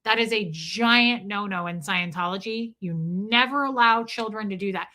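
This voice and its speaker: Bright-voiced woman telling a candid story. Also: mid-range voice, normal speed. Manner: candid, emphatic. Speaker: livestream host. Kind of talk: casual storytelling livestream.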